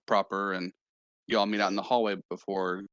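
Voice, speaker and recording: A man's voice: lowish voice, little pitch movement, normal speed, a bit bright, clear, resonant tone, dry recording, lo-fi sound. A man narrating as game master of a tabletop game in a loose, rambling way with many fillers.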